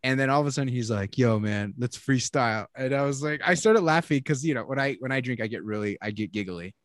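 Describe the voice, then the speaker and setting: A young man co-hosting a podcast, telling a story in casual chat, animated and laughing, swearing often. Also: medium pitch, fast, no echo, clean studio sound. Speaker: podcast co-host.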